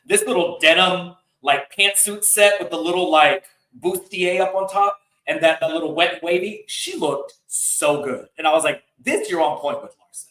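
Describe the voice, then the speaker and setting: A man's voice: high voice, moderate pace, sharp tone, roomy sound, recorded from a distance, low-quality recording. A man hosting a podcast, recapping a reality TV episode in a casual, gossipy way and laughing often. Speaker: podcast host.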